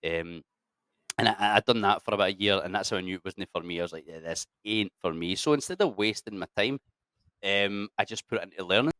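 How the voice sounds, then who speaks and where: A man in his thirties, an army veteran telling his story in a casual interview, blunt and sweary, calling people mate and lads, often clearing his throat. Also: on the low side, quick pace, a bit bright, no room sound.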